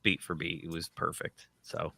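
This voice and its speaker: A man's voice: low voice, flat delivery, normal speed, gravelly, bright, forceful tone, slightly rough, dry recording. A man hosting a casual pop-culture livestream, chatting with enthusiasm and reading news articles aloud. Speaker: host.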